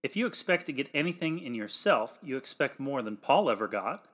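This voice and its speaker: Male preacher reading a formal sermon, mid-pitched voice, emphatic pulpit delivery that swells on the calls to act. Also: lively intonation, fairly quick. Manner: emphatic, swells louder on exhortations; old-fashioned formal pulpit diction. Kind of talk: read sermon.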